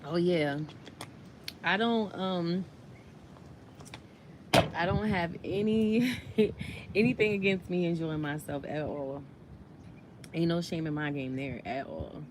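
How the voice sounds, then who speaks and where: Woman, casual vlog chat, laid-back, low-pitched, noisy background. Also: slow, pauses often. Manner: chatty, laid-back, laughs often. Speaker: vlogger. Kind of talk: casual chat while eating.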